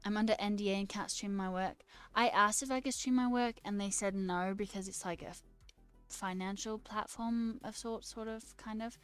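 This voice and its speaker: A woman's voice: medium pitch, fairly even intonation, moderate pace, clean tone, soft background music. Chatty woman streamer answering chat. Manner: chatty, laughs often, answers chat questions. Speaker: livestreamer and new software engineer. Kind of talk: casual livestream chat, reading chat aloud.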